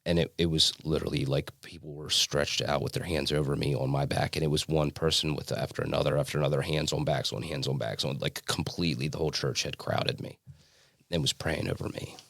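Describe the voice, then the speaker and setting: A man giving a personal testimony as a podcast guest, telling his story earnestly with halting restarts and fillers. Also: very deep voice, steady tone, vocal fry, fairly bright tone, no room sound, studio quality. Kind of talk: personal testimony in a casual interview.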